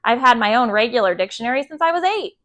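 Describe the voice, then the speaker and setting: A woman storyteller reading a children's chapter book aloud at bedtime, steady and gentle. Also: a little high, quick pace.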